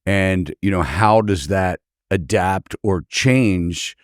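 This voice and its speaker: A man's voice: low voice, slow, dry recording, clean studio sound. A man hosting an interview, asking loose, rambling questions with plenty of fillers. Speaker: real estate broker host. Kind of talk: casual interview.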